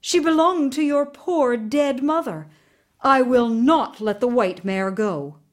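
A woman's voice: sits high, expressive, takes it slowly, pitched above the performer's own voice. A woman playing a blustering old king. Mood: indignant.

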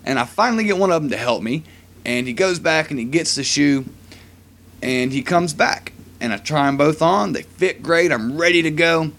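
Animated, laughing male storyteller. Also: fairly high pitch, moderate pace, creaky. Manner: animated storyteller, laughs often, acts out quoted voices. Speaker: podcast co-host. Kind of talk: casual storytelling chat.

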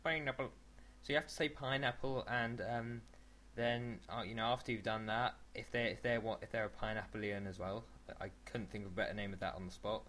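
A man's voice: lowish voice, steady tone, brisk, a bit bright, slight background noise. A man co-hosting a casual podcast, chatting in a rambling way and often restarting his sentences. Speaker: podcast co-host.

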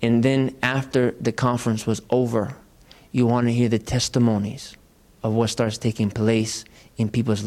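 Pastor, male, mid-range voice, lively conversational sermon delivery. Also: mid-range voice. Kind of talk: sermon storytelling. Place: church.

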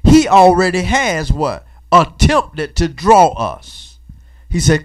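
A man preaching a call-and-response sermon, asking the congregation questions and pausing for their answers, swinging between loud emphatic bursts and quiet asides in a colloquial church cadence. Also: high-pitched, very animated.

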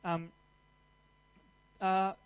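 Earnest high-voiced male preacher. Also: monotone, drawn-out words, clear, resonant tone, rough recording. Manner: earnest, conversational, with restarts and fillers; builds to louder emphatic passages. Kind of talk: sermon.

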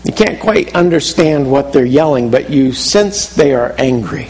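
A man's voice: mid-range voice, lively intonation, unhurried, darkish tone, long reverb tail, low-quality recording. A man preaching a sermon, telling a story vividly in the second person and often restarting his phrases. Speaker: pastor.

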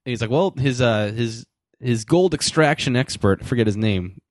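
A man's voice: mid-range voice, moderate pace, dry recording. A man co-hosting a casual podcast chat, laughing often and acting out what others said. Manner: animated, laughs often, acts out quotes. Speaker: podcast co-host.

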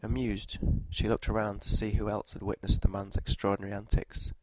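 Male narrator, dark and mellow tone, flat and measured, for a scripted story read. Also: fairly low pitch, no room sound, rough recording.

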